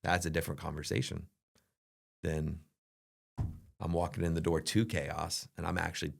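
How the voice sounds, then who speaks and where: A man's voice: low-pitched, level tone, normal speed, gravelly. A middle-aged man in casual conversation, earnestly giving advice and acting out family exchanges. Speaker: podcast co-host. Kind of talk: casual leadership chat.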